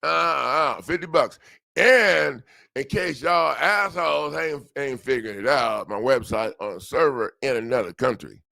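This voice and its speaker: Older man, gravelly voice, unhurried, lively pitch, dry close sound, rambling jokey talk. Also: no echo. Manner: joking, rambling, laughs at himself. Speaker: host of a legal self-help show. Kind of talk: casual livestream talk.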